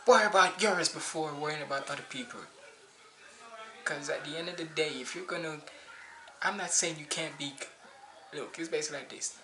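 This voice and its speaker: A man's voice: on the high side, noisy background. A man hosting a music reaction video, talking casually and preachily, repeating his points for emphasis. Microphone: cheap basic mic.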